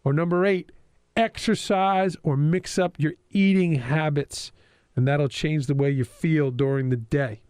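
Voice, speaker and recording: A man's voice: a little high, fairly even intonation, a little slow, darkish tone, smooth, dry recording, studio quality. A man hosting an interview podcast as a school principal, talking in a friendly, casual way with lots of uh fillers. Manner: friendly, filler-heavy with frequent uh.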